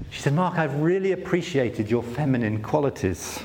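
A man's voice: mid-range voice, expressive, brisk, few pauses, crowd noise. Man preaching in a reverberant hall. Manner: conversational, self-deprecating storytelling with many restarts. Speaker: conference speaker. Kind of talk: sermon-style talk.

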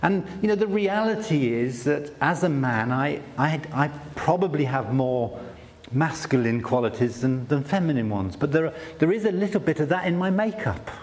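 A man speaking at a conference, telling stories in a relaxed, self-deprecating way. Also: a little high, normal speed, big-room sound. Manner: conversational, self-deprecating storytelling with many restarts. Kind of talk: sermon-style talk.

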